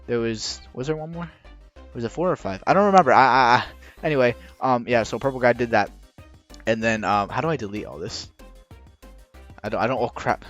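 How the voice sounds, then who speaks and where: A man rambling through a casual explainer while drawing, halting with many restarts and rushing against a timer. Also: medium pitch. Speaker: video creator explaining game lore. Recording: dull lo-fi recording with faint music.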